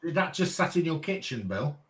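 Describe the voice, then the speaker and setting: A man's voice: fairly high pitch, sing-song, brisk, a bit bright. A man chatting casually, teasing his friend with jokes. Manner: teasing, joking. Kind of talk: casual chat.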